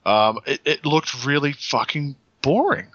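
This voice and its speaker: A man co-hosting a gaming podcast, talking in an animated, sweary and rambling way. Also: a little high, measured pace, dry recording, dull audio. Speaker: podcast co-host. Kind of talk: casual chat.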